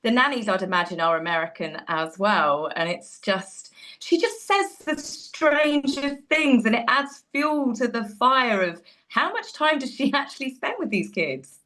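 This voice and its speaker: A woman's voice: on the high side, big pitch swings, a little slow, hardly any pauses, a bit bright. A woman appearing as a guest commentator, who talks with skeptical sarcasm and acts out quotes. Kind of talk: opinionated commentary.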